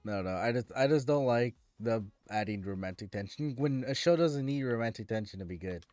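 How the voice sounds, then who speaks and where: A male streamer talks casually to his viewers, sounding exasperated and ranting as he trips over and restarts his sentences. His voice sits at an ordinary middle pitch and comes across dry and close. Faint game music plays underneath. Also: expressive, a little fast, darkish tone, dry recording.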